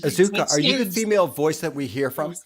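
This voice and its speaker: A man's voice: a little high, expressive, fast. Playful man hosting a live stream. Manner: playful, chatty, laughs often, repeats phrases softly. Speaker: livestream host running spirit sessions. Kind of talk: live casual commentary.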